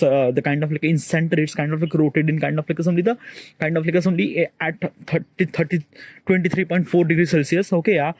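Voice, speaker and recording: A man vlogging alone outdoors on a rooftop on a cold morning. He rambles fast with heavy fillers and keeps telling himself to slow down. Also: fairly high pitch, no echo. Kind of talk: rambling solo monologue.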